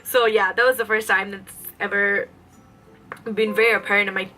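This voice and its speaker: A woman's voice: medium pitch, little pitch movement, normal speed, pushed and bright, a little hiss or hum, low-quality recording. A young woman vlogging a makeup tutorial, rambling chattily with lots of fillers between steps. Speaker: beauty vlogger. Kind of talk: casual makeup tutorial chat.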